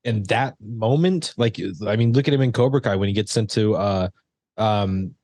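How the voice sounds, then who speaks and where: A man hosting a casual film podcast, talking in halting bursts full of fillers and restarts. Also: on the low side, a little mellow, dry recording. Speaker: podcast host. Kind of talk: casual chat.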